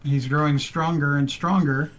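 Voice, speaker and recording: A man speaking as his character in a tabletop game, earnest and deliberate with restarts. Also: on the high side, fairly even intonation, fairly bright tone. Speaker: player. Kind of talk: in-character tabletop role-play.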